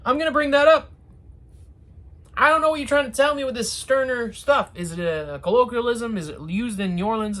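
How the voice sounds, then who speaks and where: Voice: mid-range voice, fairly bright tone. A TV reviewer chatting casually through an episode, with sarcastic asides and rambling restarts.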